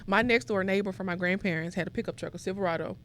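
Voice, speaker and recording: Podcast guest, young woman, lively storytelling, faint noise behind. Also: mid-range voice, quick pace. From Mississippi. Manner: animated, acts out quoted voices. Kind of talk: conversational storytelling.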